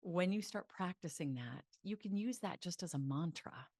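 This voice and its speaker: A woman psychologist teaching self-help, chatty and animated, leading mantras aloud. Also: on the low side, moderate pace, no room sound, clean studio sound.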